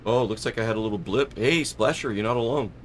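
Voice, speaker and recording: A man's voice: medium pitch, fast, a little hiss or hum. A man hosting a live stream, chatting casually and rambling as he flies a flight simulator, often correcting himself and laughing.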